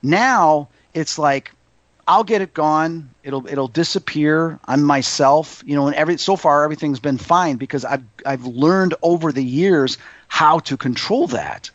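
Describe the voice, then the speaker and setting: A man telling stories in casual interview chat, his voice a bit high and bright in pitch. He slips into even higher tones when he acts out what others said. The audio is dry and slightly muffled. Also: unhurried, no room sound. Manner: animated storyteller, acts out quotes in a higher voice. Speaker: psychic medium guest.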